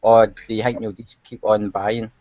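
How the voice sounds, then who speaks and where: A man's voice: on the low side, level tone, moderate pace, dry recording. A man asking plain questions in a casual group video call. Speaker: hangout participant. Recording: dry, muffled call audio.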